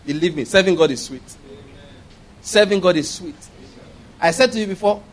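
Male pastor, animated sermon delivery with humorous asides, voice sits a bit high. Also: moderate pace, long pauses, rough recording. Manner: animated, laughing asides, acted-out quotes.

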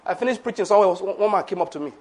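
In a church, a middle-aged pastor preaches an emphatic sermon, pressing listeners with repeated rhetorical questions. His voice is high for a man, husky and breathy, with lively intonation and a very fast delivery.

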